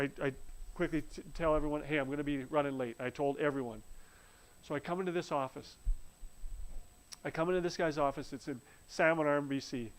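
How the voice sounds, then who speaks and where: The audio is poor in this live-streamed spoken testimony, where a man with a fairly high-pitched voice recounts his faith journey. He speaks earnestly in a storytelling style and keeps restarting sentences.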